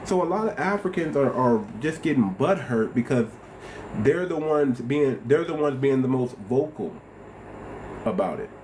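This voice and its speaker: A man's voice: medium pitch, lively intonation, measured pace, background noise. A man hosting a livestream, talking passionately with lots of repetition and rhetorical questions. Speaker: host. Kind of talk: casual livestream commentary.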